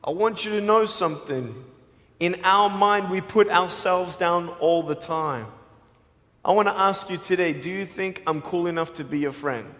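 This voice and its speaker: Man, motivational speaker, slightly higher voice, long hall reverb, storytelling with humor. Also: normal speed. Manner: storytelling with humor, swings loud and soft. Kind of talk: motivational speech to students.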